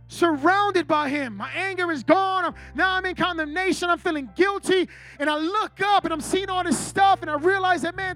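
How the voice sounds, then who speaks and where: High-voiced man preaching a testimony. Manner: animated storytelling, frequent "right?" to the audience. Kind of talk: sermon with personal testimony.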